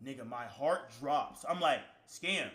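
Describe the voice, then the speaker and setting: Streamer man, bright high voice, profane rambling storyteller, echoey room. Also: animated, moderate pace. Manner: profane, slang-heavy, rambling, bursts into shouting. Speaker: live streamer. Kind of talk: casual storytelling to stream chat.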